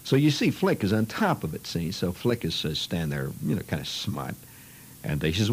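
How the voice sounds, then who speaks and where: A man's voice: deep voice, very animated, fairly quick, a little hiss or hum, rough recording. A man telling a childhood story in a rambling, conversational way, peppered with "you know" and "see".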